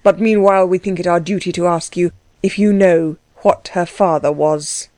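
A woman's voice: on the low side, steady tone, normal speed, a little mellow, dry recording, natural voice. A woman reading an audiobook, voicing a proud, testy older aristocratic woman with a haughty manner.

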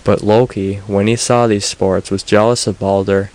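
A man reads old myths aloud in an audiobook, his voice sitting low. His telling is steady and even-paced. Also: moderate pace, poor audio. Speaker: narrator.

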